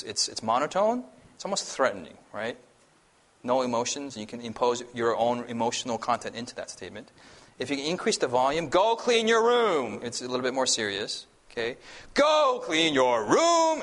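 Conversational male preacher, mid-pitched. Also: a bit bright. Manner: conversational, with frequent "okay?" check-ins; acts out quoted voices for illustration. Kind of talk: sermon-style teaching.

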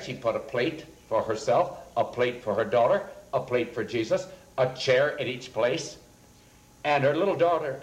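A man speaking as a pastor, telling earnest anecdotes and quoting people as he goes. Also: medium pitch. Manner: earnest anecdotal storytelling, quotes people in a raised voice. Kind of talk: storytelling sermon talk. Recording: roomy echoing recording.

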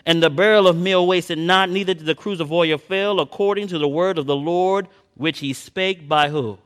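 Male preacher, fairly high bright voice, shifts from hushed to booming. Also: moderate pace, smooth. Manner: swings from quiet storytelling to loud impassioned preaching; reads scripture in old-fashioned phrasing. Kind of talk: sermon.

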